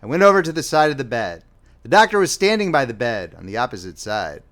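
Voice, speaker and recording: A man reading a novel aloud as an audiobook narrator, in a plain, measured first-person style. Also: mid-range voice, very animated, fairly bright tone.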